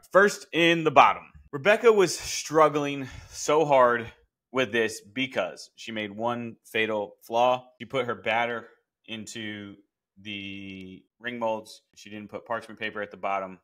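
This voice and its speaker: A man's voice: on the low side, unhurried, a bit bright. A man in his thirties, a podcast host giving a blunt, chatty recap of a cooking competition, swearing casually. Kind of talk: casual commentary.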